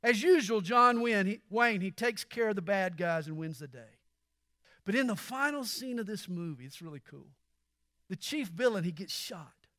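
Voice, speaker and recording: A man pastor preaching a sermon with emphatic delivery that swells toward near-shouts, putting questions straight to his congregation. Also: high voice, expressive, normal speed, dry recording, studio quality.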